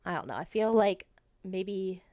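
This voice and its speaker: A woman's voice: mid-range voice, expressive, unhurried, a little mellow, no echo, studio quality. A woman streaming a game, chatting casually and rambling with lots of fillers.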